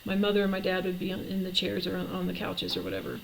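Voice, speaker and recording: Middle-aged woman, gravelly vlogger voice, halting and reflective, faint hiss behind. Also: lowish voice, completely flat delivery, poor audio. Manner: halting, reflective, with frequent fillers and restarts. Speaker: vlogger telling her life story. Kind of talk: personal storytelling to camera.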